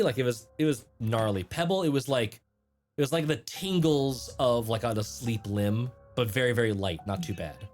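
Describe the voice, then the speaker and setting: A man narrating as game master of a tabletop game, relaxed and conversational, sometimes tripping over invented words. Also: medium pitch, normal speed, soft background music.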